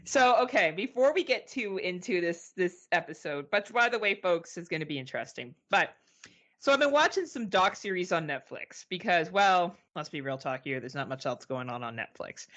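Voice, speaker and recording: Low-voiced woman in her forties. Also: lively intonation, moderate pace, fairly bright tone, lo-fi sound. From Canada. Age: 40s. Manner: rambling, swears casually, laughs often. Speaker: podcast co-host. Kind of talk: casual chat.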